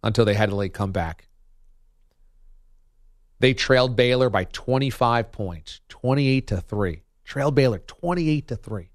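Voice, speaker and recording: A man's voice: medium pitch, a little slow, no room sound, studio quality. A man giving opinionated sports commentary as a radio host, emphatic and argumentative, hammering points with punchy repetition.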